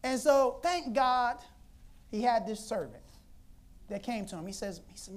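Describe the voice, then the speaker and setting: A woman preacher telling a Bible story in an animated, conversational sermon, laughing often. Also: on the high side, unhurried, long pauses.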